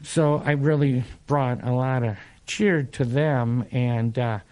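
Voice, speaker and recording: Older guy in his 60s, slow and halting, lots of uhs, telling old stories in an interview. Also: mid-range voice, fairly even intonation, darkish tone. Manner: unhurried, halting, lots of fillers and restarts, chuckles. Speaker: interview guest, motivational speaker. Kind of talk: casual storytelling in an interview.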